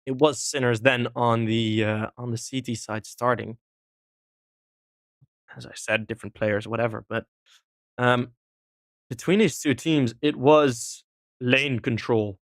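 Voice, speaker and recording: An esports caster covers a competitive shooter match solo, rambling casually between plays with fillers and small laughs. His medium-pitched voice holds a steady tone at a measured pace with long pauses. The sound is clean studio audio with no echo.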